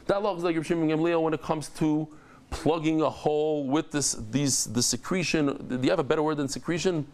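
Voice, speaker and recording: A middle-aged man with a fairly high voice teaches a daily Talmud class at a fairly quick pace. He is animated, telling stories and tossing in lively, joking asides.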